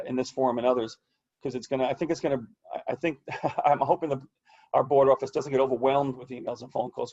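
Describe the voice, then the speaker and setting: A man who is losing his voice gives a halting, hesitant report at a video-call meeting, full of restarts and fillers. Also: medium pitch, darkish tone, lo-fi sound.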